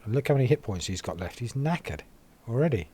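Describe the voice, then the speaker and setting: A man's voice: medium pitch, big pitch swings, fast talker, warm tone, husky. An English man giving casual, chatty gameplay commentary, wry and a little grumbling. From England.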